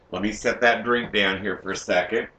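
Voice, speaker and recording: A man's voice: lowish voice, pushed and bright, echoey room, a little hiss or hum. A man playing a sassy, campy woman home cook who hosts a comic cooking show from a home kitchen and teases the audience as she goes. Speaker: cooking show host character.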